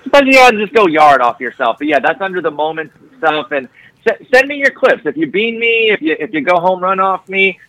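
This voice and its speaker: A man's voice: sits high, sing-song, brisk, sharp tone, no echo, low-quality recording. A man speaking as a guest on a casual podcast, upbeat and laughing as he talks in bursts.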